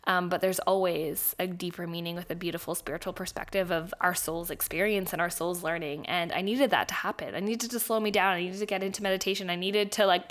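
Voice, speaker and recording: A woman's voice: mid-range voice, fairly bright tone. A young woman from Canada, a podcast host, telling her life story casually with laughter and the odd swear. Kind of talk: personal storytelling.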